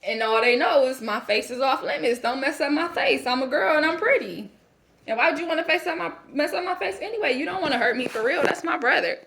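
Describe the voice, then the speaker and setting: Brief: high, bright woman doing a defiant foster girl, profane rambling rant. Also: lively intonation, quick pace, gravelly, slight background noise, heavily acted. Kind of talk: character monologue.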